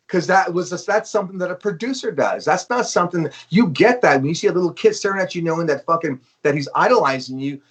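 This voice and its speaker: Man in his fifties, from Los Angeles, slightly high voice, swears a lot, animated storyteller, podcast guest. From Los Angeles, USA. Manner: profane, animated anecdote-telling with frequent fillers. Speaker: guest drummer. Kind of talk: casual storytelling in a podcast interview.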